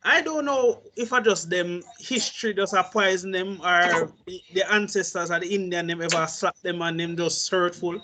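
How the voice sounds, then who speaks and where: A man's voice: high-pitched, moderate pace, hardly any pauses, bright, forceful tone, a little hiss or hum. A man in a casual group chat, speaking emphatically with patois mixed in.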